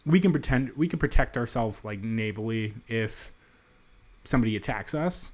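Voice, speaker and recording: A man talks through a strategy game, thinking aloud and weighing his moves. His pitch rises and falls in a lively way, and he wanders through restarts and little asides. The feel is casual and unscripted, like recording at home in a city apartment. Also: moderate pace. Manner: thinks aloud, rambling, many fillers and restarts. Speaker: gamer. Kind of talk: let's play commentary.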